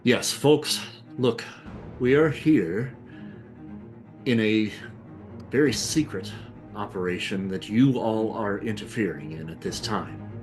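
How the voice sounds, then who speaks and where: A man voicing a formal, smooth-talking undercover spy who persuades soldiers to leave, over background music. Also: on the low side, slow, pauses often. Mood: persuasive.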